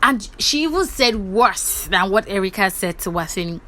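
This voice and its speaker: A young Nigerian woman with a Nigerian English accent, recapping reality-show gossip for her vlog in a lively, chatty way. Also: medium pitch, moderate pace. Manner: lively, acts out the quotes, chatty asides. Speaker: gossip vlogger.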